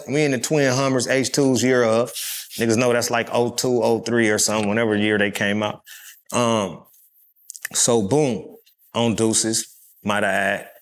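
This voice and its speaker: A man from California, telling stories as an interview guest, profane and animated, acting out other people's voices. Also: mid-range voice. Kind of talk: casual storytelling.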